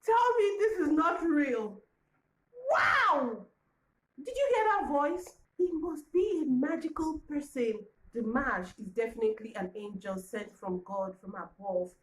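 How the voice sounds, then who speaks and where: A woman's voice: sits high, animated, measured pace, low-quality recording. A woman reacting to a performance with effusive, gushing emotion.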